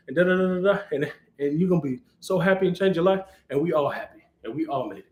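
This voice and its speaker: A man, a cloud architect, hosting a live Q&A in an animated, playful manner, acting out little scenes as he talks. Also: on the high side, quick pace. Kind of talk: casual livestream talk. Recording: roomy echo.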